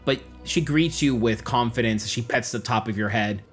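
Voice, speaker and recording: A man's voice: medium pitch, moderate pace, faint music behind. A man narrating a tabletop role-playing game as game master, with vivid description.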